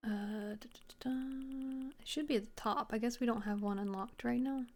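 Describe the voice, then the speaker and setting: A woman's voice: fairly high pitch, fairly even intonation, normal speed, a little mellow, faint music behind. A woman casually chatting while she streams a video game, rambling, joking and swearing as she plays. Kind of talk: casual gameplay commentary.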